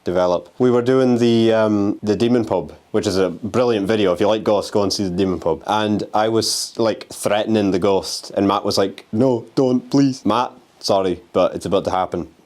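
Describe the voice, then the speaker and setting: Low-voiced man taunting ghosts on a vlog. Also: fairly even intonation, moderate pace, hardly any pauses, darkish tone. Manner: restless, swearing, taunts the spirits. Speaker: urban explorer and ghost hunter. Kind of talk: handheld exploring vlog. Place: abandoned house on a windy day.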